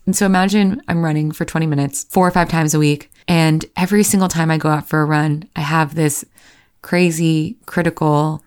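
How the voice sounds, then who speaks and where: A woman in her thirties talks openly about her own struggles, with a frank, self-mocking delivery. Her voice sits on the low side and has a gravelly, creaky texture. Now and then she slips into acting out her own thoughts. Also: a little mellow. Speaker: vlogger. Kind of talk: personal storytelling to camera.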